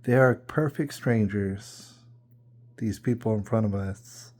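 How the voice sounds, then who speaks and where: A man's voice: fairly low pitch, takes it slowly, a little mellow. Incredulous man telling a story. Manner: incredulous, full of rhetorical questions and repeats. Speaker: podcast host. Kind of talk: casual storytelling.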